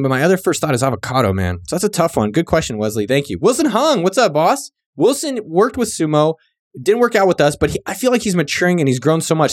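A man from California, hosting a podcast and giving casual, joking shout-outs to listeners in a laid-back, profane, slangy way. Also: a little high, no echo, clean studio sound. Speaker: podcast host.

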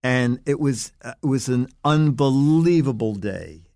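An older man, a guest on an interview podcast, telling animated anecdotes and acting out other people's lines. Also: mid-range voice, a little slow, no room sound, clean studio sound. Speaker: guest, longtime magazine writer.

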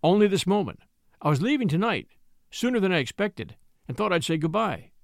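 A man voicing a calm, kind-seeming gentleman who speaks gently and reassuringly. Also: high-pitched, fairly quick, gravelly, no echo, studio quality, heavily acted.

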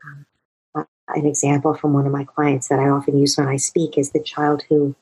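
A woman's voice: low-pitched, vocal fry, darkish tone, husky, low-quality recording. A middle-aged woman, a parenting expert, earnestly explaining her advice in an interview, using worked-through examples.

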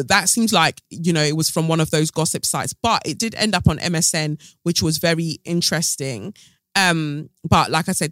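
A man's voice: on the high side, a bit bright, dry recording. A man hosting a podcast, chatting through celebrity gossip with sassy, sarcastic asides. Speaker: podcast host. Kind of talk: casual gossip commentary.

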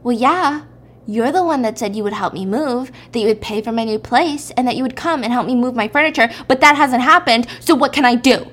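A woman's voice: fairly high pitch, fairly quick, fairly bright tone. A woman voicing a fed-up, angry young woman who snaps her complaints in a story. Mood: irritated. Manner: irritated, snapping complaints.

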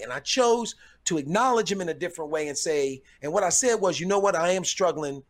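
A middle-aged comedian, a guest on a podcast, who tells stories in a measured way, often restarting as he gathers his thoughts. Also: sits high, lively intonation. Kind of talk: conversational storytelling.

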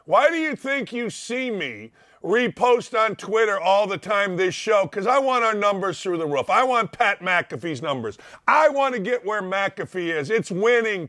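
A man's voice: sits high, bright, forceful tone. A man hosting a sports talk show, ranting bluntly and brashly in an opinionated monologue.

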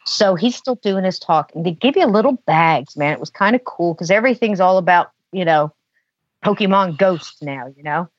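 Her voice sits on the low side and is expressive, moving at normal speed with no room sound: a woman guest on a podcast, casually recounting a long story and repeatedly saying "you know." The recording has a dull, dry lo-fi quality.

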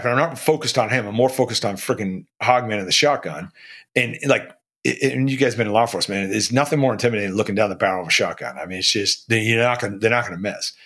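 A man's voice: medium pitch, a bit bright, slightly rough. Blunt, profane man telling a story. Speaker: podcast guest, former undercover agent. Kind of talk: casual storytelling.

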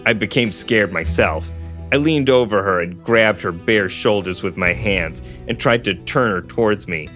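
A man reading a novel aloud in steady first-person narration, with dry asides to a co-host. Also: lowish voice, normal speed. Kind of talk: storybook reading with casual commentary. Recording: guitar music under the voice.

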